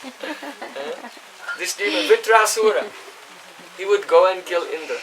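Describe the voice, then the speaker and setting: A man with a high voice teaches a scripture class in an explaining way, now and then asking his listeners whether they follow. He stands well back from the microphone, so he sounds distant. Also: animated, measured pace, vocal fry, crowd noise. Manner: chants Sanskrit verses. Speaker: spiritual teacher. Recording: voice distant from the mic.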